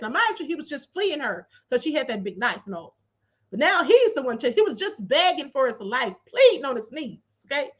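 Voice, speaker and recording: A woman's voice: high voice, fairly bright tone, highs cut off. A woman hosting a livestream, reading a court filing aloud and picking it apart with sarcastic, disbelieving commentary. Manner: incredulous and sarcastic, laughing in disbelief. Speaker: livestream host. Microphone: livestream setup.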